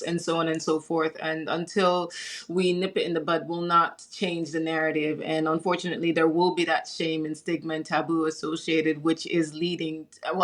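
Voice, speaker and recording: Passionate woman GP guest, middle-aged, lower pitch, conversational. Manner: earnest, passionate explainer. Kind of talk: conversational health interview.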